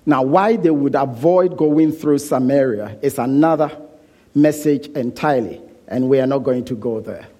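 A man preaching a sermon, deliberate and emphatic, repeating phrases for weight, dropping to a hush when he prays. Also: medium pitch. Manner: soft, hushed prayer.

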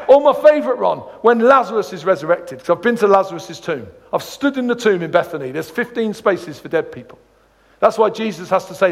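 A man's voice: high-pitched, a little fast, gravelly, big-room sound. A man giving a sermon as a guest preacher, telling funny stories between points of scripture. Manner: jokey, storytelling, animated asides. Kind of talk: sermon with humorous anecdotes.

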